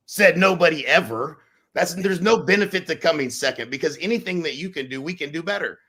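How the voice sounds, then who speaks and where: A man talking casually on a podcast, animated and acting out quotes with sudden loud bursts. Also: fairly high pitch, fairly quick, slightly rough. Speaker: real estate brokerage leader on a podcast.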